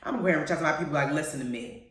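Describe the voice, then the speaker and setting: A woman hosting a radio show, chatting casually about TV shows in a playful, animated way and laughing often. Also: deep voice, very fast. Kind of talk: casual chat reviewing TV shows. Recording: very echoey, far from the mic.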